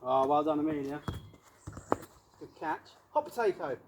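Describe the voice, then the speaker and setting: A man coaching children through a ball drill on an outdoor pitch, encouraging and playful. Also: expressive, unhurried, a little hiss or hum.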